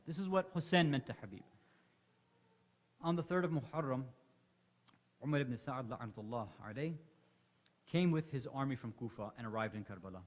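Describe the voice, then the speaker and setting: A man's voice: medium pitch, expressive, a little fast, long pauses. A man delivering an impassioned Muharram sermon to a congregation, telling the story with rising emotion. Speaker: lecturer. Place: large hall at an Islamic center. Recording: long hall reverb.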